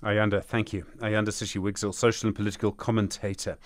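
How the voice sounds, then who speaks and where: A man hosting a radio talk show from a studio, asking long framing questions at a measured pace. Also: lowish voice, flat delivery. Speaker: radio host.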